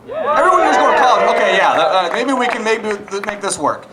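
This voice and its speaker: A man's voice: sits high, very animated, fairly quick, very noisy. A young man doing a stand-up comedy set, acting out both sides of arguments with his wife. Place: comedy club stage. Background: audience laughter.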